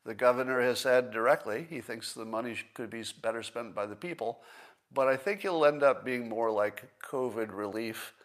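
Man talking through an argument. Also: on the low side. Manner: conversational, thinks aloud with restarts and small laughs. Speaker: livestream host. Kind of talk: casual political commentary.

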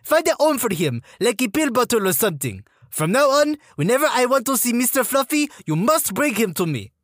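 A man's voice: very high-pitched, big pitch swings, fairly quick, fairly bright tone, no echo, clean studio sound, pitched above the performer's own voice, heavily acted. A man putting on a female French-Canadian drill sergeant, mock-stern and drawn out. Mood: mock-formal. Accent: French-Canadian, put on.

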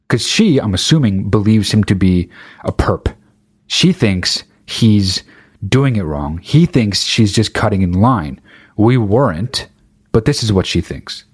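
A young man with a fairly low voice tells a rambling comic story full of swearing and deadpan asides. The recording is dry and close, with no room sound. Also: slightly rough, dry recording. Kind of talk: casual comic anecdote.

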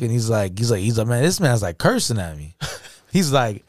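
A man's voice: medium pitch, fairly quick, no room sound, clean studio sound. A man co-hosting a podcast, telling stories casually and acting out the quotes with profanity and slang. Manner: animated anecdote-telling, acts out quotes. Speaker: podcast co-host. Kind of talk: casual storytelling chat.

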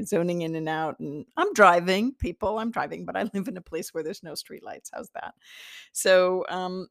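A woman's voice: lowish voice, gravelly, no room sound, studio quality. A middle-aged woman talking in a chatty teaching style, laughing often and restarting her sentences. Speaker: spiritual teacher. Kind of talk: casual teaching talk.

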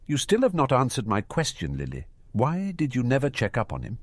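A man's voice: mid-range voice, huge pitch swings, a little fast, no echo, voice pushed up. A man voicing a bitter, weary male professor who speaks in cold, clipped, tired tones. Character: bitter, weary sardonic male potions master.

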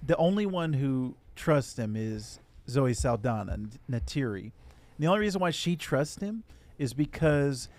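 Animated man chatting about movies. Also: medium pitch. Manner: animated, acts out characters' lines in quick asides. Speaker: podcast co-host. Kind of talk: casual movie review chat.

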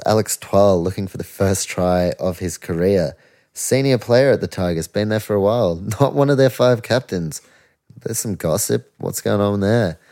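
A man's voice: low voice, warm tone. A young man, hosting a casual sports podcast, ranting and swearing in disbelief. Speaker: podcast host.

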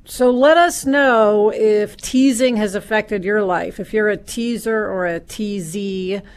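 A woman's voice: medium pitch, takes it slowly. Easygoing woman podcast co-host. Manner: easygoing, conversational with fillers. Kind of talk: casual podcast conversation.

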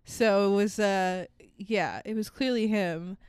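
A woman co-hosting a podcast in casual chat, animated, laughing often and swearing freely. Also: mid-range voice, slow pace, clear, resonant tone, no echo. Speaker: podcast co-host.

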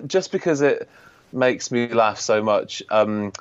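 A man's voice: mid-range voice, animated, takes it slowly, clean tone, dry recording, highs cut off. A man in casual podcast chat, hesitant and self-deprecating, full of ums and restarts. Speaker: guest co-host of a book podcast.

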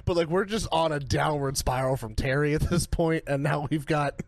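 A man's voice: fairly high pitch, moderate pace, vocal fry, no echo. A man co-hosting a podcast, chiming in with jokes and laughter about wrestling. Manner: joking, lively interjections. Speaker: podcast co-host. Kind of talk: casual chat reviewing wrestling.

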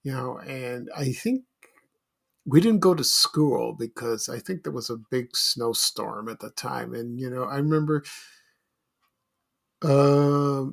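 A man's voice: medium pitch, slow pace, gravelly. A middle-aged man from Chicago hosting a casual solo podcast, rambling and nostalgic with many fillers and restarts. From Chicago, USA. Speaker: podcast host.

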